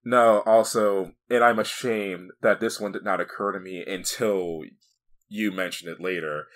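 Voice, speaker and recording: A man's voice: lowish voice, measured pace. A man co-hosting a casual podcast, retelling movie scenes with frequent laughter. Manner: laughs often, animated retelling. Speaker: podcast co-host. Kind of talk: casual movie review chat.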